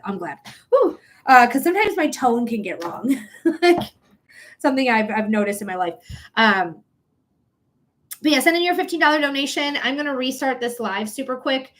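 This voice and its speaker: A woman with a fairly high, fairly bright voice chats on a live stream as a psychic reader. She rambles and speaks frankly, swearing freely while addressing viewers directly.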